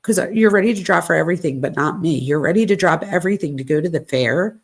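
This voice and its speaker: A woman's voice: fairly low pitch, lively intonation, quick pace, breathy edge. A woman reading aloud the text messages of a hurt young man who wants an apology, in a lightly raised voice.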